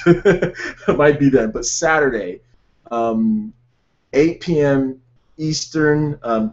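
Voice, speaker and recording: Man, gaming vlogger, hyped and rambling, winded, mid-pitched, muffled lo-fi audio. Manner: enthusiastic, rambling with fillers. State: out of breath. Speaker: gaming channel host. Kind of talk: casual vlog talk to viewers.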